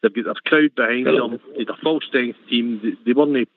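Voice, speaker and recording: This is an older Scottish man on a football phone-in, rambling and boisterous with dark jokes. His voice sits at an ordinary pitch, and the phone line is thin and tinny. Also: fairly quick, no echo. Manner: rambling, boisterous, darkly joking. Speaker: caller. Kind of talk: casual football phone-in chat.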